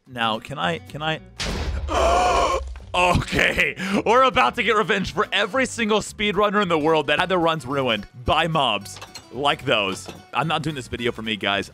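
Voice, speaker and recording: A young man giving goofy, excitable commentary while playing a block-building game, joking with the game's creatures as he goes. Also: mid-range voice. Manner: goofy, excitable, jokey banter with the game's mobs. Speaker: gaming YouTuber. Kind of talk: Minecraft let's play commentary.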